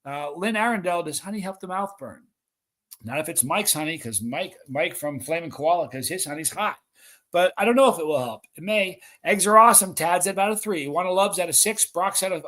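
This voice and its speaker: Lively man hosting a live chat stream. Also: high-pitched, moderate pace. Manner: excited countdowns, reads viewer comments aloud.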